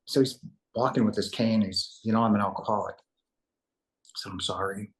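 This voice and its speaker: A man's voice: lowish voice, fairly even intonation, moderate pace. A man telling a personal spiritual story in a rambling, earnest way, acting out the dialogue. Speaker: guest telling his near-death story. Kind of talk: casual storytelling.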